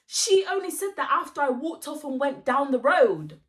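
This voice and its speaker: A young woman recounts a story to camera in a loose, animated way, full of slang and swearing. Her voice sits a little high and has a bright, sharp edge. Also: moderate pace. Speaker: vlogger. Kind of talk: casual story time monologue.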